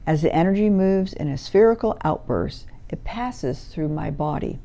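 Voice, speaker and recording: A woman hypnotherapist reading session stories from her own book in a calm, measured, soothing manner. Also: lowish voice.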